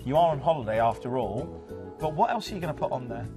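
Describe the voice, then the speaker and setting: A man's voice: medium pitch, sing-song, fast talker. A man from Southwest England with a Southwest English accent, presenting cruises in chatty, jokey live TV sales patter. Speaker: TV shopping channel cruise presenter. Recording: music bed under the voice.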